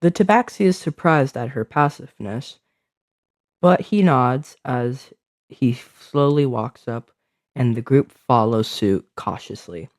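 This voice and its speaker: Slow-spoken man narrating a story. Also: medium pitch, expressive, no echo, studio quality. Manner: slow, descriptive, with small slips. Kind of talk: storytelling narration of a fantasy adventure.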